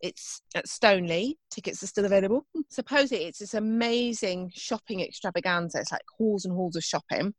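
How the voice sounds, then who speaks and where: A woman's voice: medium pitch, brisk, hardly any pauses, dry recording. A woman, co-hosting a casual chat and telling stories in a chatty, self-deprecating way. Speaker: podcast co-host and event rider.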